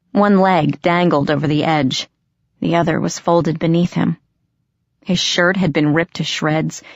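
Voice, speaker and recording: Slow, gravelly woman narrating a novel. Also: lowish voice, no room sound, highs cut off. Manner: measured, unhurried storytelling. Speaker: audiobook narrator. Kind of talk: first-person novel narration.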